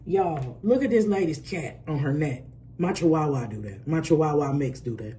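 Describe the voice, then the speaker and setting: Lively, blunt woman reading tarot. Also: low-pitched, moderate pace. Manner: animated, blunt and profane, laughs often. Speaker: tarot reader. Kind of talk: casual spoken tarot reading.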